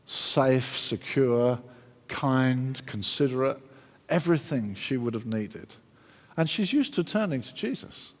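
A man preaching a sermon in an animated way, acting out the quoted lines and often restarting his sentences. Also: medium pitch, slow. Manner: animated, acts out quoted voices, frequent restarts. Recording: long hall reverb.

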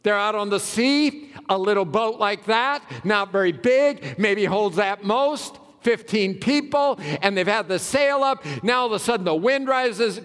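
A man preaching a sermon as a pastor, dramatic, swinging from loud cries to hushed words, in a church sanctuary. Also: sits high, lively intonation, normal speed, hardly any pauses, clear, resonant tone. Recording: long hall reverb.

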